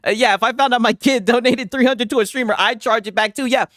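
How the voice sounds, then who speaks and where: A man's voice: extremely high pitch, steady tone, fast talker, a bit bright, dry recording, clean studio sound. A man streaming, reacting to a clip with casual commentary and mocking, laughing asides.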